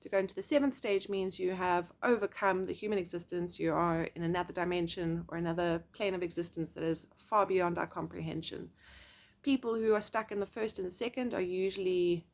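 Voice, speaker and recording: A young adult woman, a psychic medium telling a personal story to camera in a chatty, expressive way full of fillers. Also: on the low side, brisk, vocal fry.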